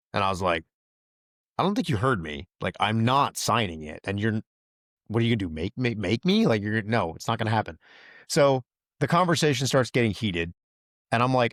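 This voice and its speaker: A man with a low voice tells his story casually and animatedly, and his voice rises when he acts out what others said. The recording is dry and close, with no room echo. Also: a little fast. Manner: animated retelling, quotes others in raised voice. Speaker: podcast host, veteran.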